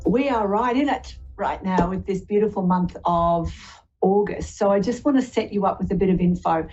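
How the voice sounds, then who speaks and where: A woman hosting a psychic radio show, telling rambling spiritual stories in a gentle, heartfelt way. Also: mid-range voice, moderate pace, lo-fi sound, soft background music. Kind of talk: spiritual talk show monologue.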